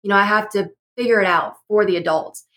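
A woman's voice: medium pitch, brisk, fairly bright tone. Young woman, panel guest, earnest, reflective, personal story. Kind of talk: personal testimony in a panel discussion.

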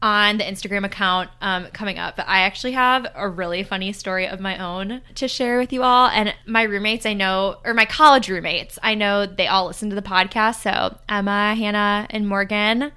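A woman's voice: mid-range voice, normal speed, few pauses, pushed and bright, smooth. A young woman podcast host telling a college story in a chatty, casual way, full of "like" and "you know".

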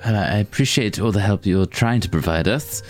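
A man's voice: lowish voice, expressive, a little fast, faint music behind. Playful man playing a tabletop character. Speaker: player.

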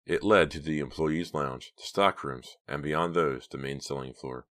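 Deep deep voice guy reading a novel aloud, measured and hushed. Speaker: audiobook narrator. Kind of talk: scripted narration.

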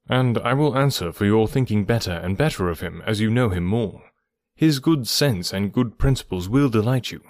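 Man reading kindly gentleman, earnest, measured, gently reasoning, audiobook of a classic novel, fairly low voice. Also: no room sound, studio quality. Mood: tender, reassuring.

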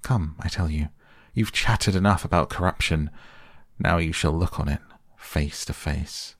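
A man's voice: extremely low pitch, a little slow, dry recording, clean studio sound, full character voice. A man reading a bedtime audiobook, voicing a proud, scornful young man who is bitter and mocking. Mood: mocking defiant. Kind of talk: softly read bedtime audiobook.

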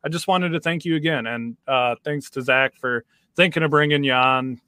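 A man's voice: medium pitch, normal speed, sharp tone, dry recording, studio quality. A man hosting a podcast, friendly and a bit hesitant, reading listener questions. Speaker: podcast host.

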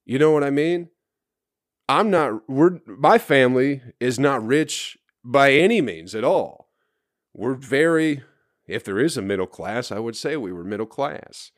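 A man's voice: medium pitch, lively intonation, unhurried, no room sound, clean studio sound. A man hosting his podcast alone, hungover and ranting in a profane, exasperated, rambling way that circles back to the same complaints. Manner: rambling, repeats himself. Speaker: podcast host. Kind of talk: solo podcast rant.

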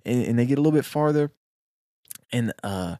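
A man's voice: mid-range voice, brisk, dry recording, clean studio sound. A man brainstorming a short film, telling a long folk tale with animation. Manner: animated storyteller. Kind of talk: casual brainstorming chat.

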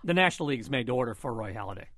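A man's voice: medium pitch, animated, racing, a bit bright, no room sound. A man giving sarcastic, opinionated sports commentary in a radio studio. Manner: sardonic, sarcastic wit.

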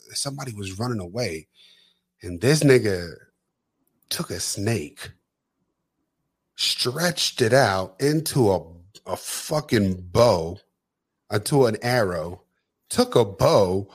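A man co-hosting a podcast in casual, profane chat, telling stories in an animated way and laughing often. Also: medium pitch, slow pace. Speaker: podcast co-host.

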